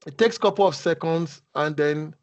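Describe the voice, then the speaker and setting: A man's voice: fairly high pitch, normal speed, a little mellow. A man giving a casual tutorial over a video call, talking conversationally and often restarting his sentences. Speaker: instructor. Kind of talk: casual screen-share tutorial. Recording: muffled video call audio.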